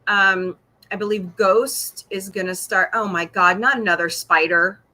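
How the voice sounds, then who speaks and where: Middle-aged lady chatting on her stream, bright voice, laughs a lot, rambles along. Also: medium pitch, steady tone, a little slow. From Missouri. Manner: chatty, laughs often, reads viewer comments. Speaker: podcast host. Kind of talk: casual livestream chat.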